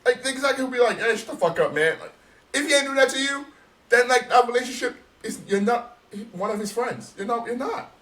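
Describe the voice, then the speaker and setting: A man co-hosting a casual podcast, talking in an animated, emphatic and profane way. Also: very high voice, fairly quick, far from the mic. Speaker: podcast co-host.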